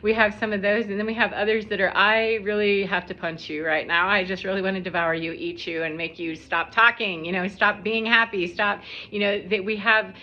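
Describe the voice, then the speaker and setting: Talking casually to camera, a spiritual vlogger rambles reflectively about spiritual life and the people she's met, laughing often. Her medium-pitched voice is steady and brisk with hardly any pauses, captured in slightly dull lo-fi audio.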